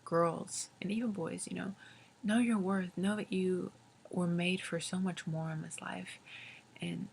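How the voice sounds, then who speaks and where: An 18-year-old woman talking casually and earnestly about her faith, halting and rambling with many fillers, often dropping into soft half-whispers. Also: on the low side, steady tone, vocal fry, slight background noise. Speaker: faith vlogger. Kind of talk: casual confessional faith talk.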